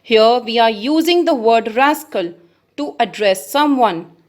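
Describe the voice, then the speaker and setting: A woman teacher with an Indian English accent, explaining grammar slowly to children and stressing the example words. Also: a little high, lively intonation. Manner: addresses children, reads examples with emphasis. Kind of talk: slow classroom explanation.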